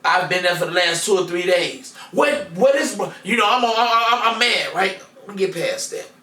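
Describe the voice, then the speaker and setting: A man on a podcast telling a personal story in a casual, profane way, going from loud to hushed. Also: high-pitched, animated, normal speed. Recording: echoey room, mic far off, faint noise.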